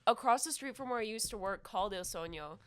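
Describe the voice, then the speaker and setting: A woman's voice: medium pitch, lively intonation, fast. A woman guest on a casual podcast chat, talking in a chatty way, filling with "like" and laughing often.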